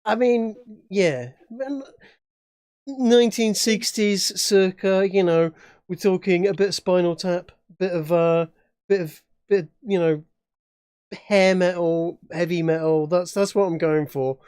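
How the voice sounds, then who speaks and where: A man from England, a player at a tabletop game, who talks in a rambling way, restarting and filling his sentences. His voice sits a bit high and sounds smooth and clear. The recording is dry and close. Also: measured pace, darkish tone, dry recording. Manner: rambling, many restarts and fillers. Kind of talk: casual chat at a tabletop game.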